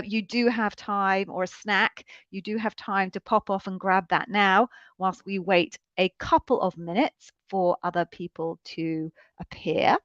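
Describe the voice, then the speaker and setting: A woman's voice: mid-range voice, no room sound, dull audio. A woman co-hosting a live coaching stream, chatting casually and laughing at herself as she waits for viewers. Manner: chatty, self-deprecating, laughs easily.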